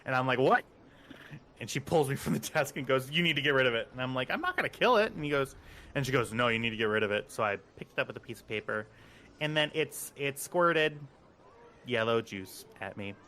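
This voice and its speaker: A man chatting casually and then narrating as game master, rambling and animated with many fillers. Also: medium pitch, a little fast.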